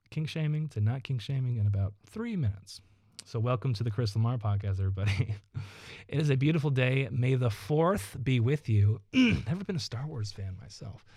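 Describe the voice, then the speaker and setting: A man's voice: medium pitch, darkish tone, dry recording, clean studio sound. A man hosting his own solo podcast, rambling and ranting with constant swearing. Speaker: podcast host.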